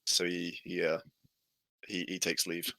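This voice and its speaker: A man's voice: sits low, monotone, unhurried, sharp tone, dry recording, poor audio. A man narrating as game master, hesitant with many fillers.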